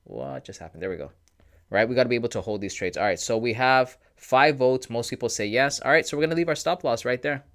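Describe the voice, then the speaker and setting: A man's voice: medium pitch, lively intonation, quick pace, a bit bright. Man, livestream host, casual and slangy, joking, reads chat aloud.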